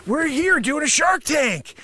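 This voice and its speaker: A man hosts his own comedy show and improvises a mock sales pitch in a high, bright voice. His delivery is brash and sarcastic, and his pitch swoops wildly up and down. He mutters asides and then breaks into sudden shouts. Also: sing-song, measured pace. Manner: swings between mumbled asides and sudden shouted outbursts.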